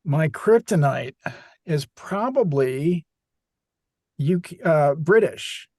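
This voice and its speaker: A man's voice: fairly high pitch, expressive, takes it slowly, darkish tone, no echo, clean studio sound. A male audiobook narrator in casual podcast chat, thoughtful and searching for words, often restarting his sentences.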